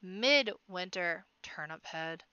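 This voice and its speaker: A woman's voice: medium pitch, expressive, moderate pace, bright, forceful tone, clear, resonant tone, no room sound, dull audio. A woman voicing an old, wry rabbit bard who mutters knowing put-downs.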